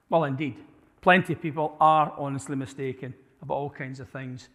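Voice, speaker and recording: Speaking in a church hall with long reverb, this man delivers an apologetics talk, chatting with the audience, asking them questions and frequently starting sentences over. He has a mid-range, slightly bright voice with a steady tone and brisk pace.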